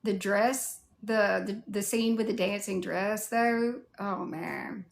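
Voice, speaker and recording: A woman's voice: medium pitch, steady tone, slow, creaky. A woman with a Southern US accent chatting casually on a livestream, answering viewer comments in a candid way with mild swearing. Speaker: cosplay livestreamer.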